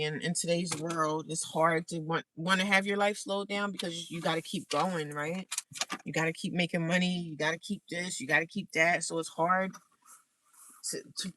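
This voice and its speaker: A woman's voice: fairly low pitch, sharp tone, recorded from a distance, a little hiss or hum. A woman vlogger from the United States chatting sassily to her viewers from inside her car, calling them honey and girl. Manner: sassy and chatty, calls listeners honey and girl. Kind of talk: casual chat to a live chat.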